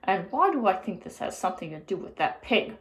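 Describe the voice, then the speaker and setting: A woman putting on a gruff, grumbling old lady. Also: medium pitch, sing-song, fairly quick, close to an everyday voice. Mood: indignant. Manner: curt, indignant, grumbling. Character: stern grumpy elderly woman neighbor. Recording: roomy echo.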